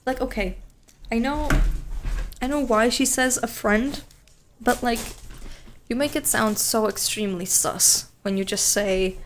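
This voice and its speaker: A woman's voice: a little high, takes it slowly, pauses often, a little hiss or hum. A woman streamer reading a story game aloud, with chatty, rambling asides.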